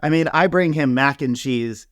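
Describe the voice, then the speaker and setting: Relaxed man telling lively stories, dry sound. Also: medium pitch, moderate pace, no echo. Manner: animated, laughing storyteller with many fillers. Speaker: celebrity hairstylist guest. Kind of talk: casual interview storytelling.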